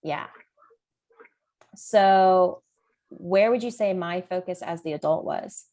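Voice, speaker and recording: A woman's voice: fairly low pitch, slow, mellow. A woman, a parent coach, leading a coaching discussion with questions and role-play over a video call.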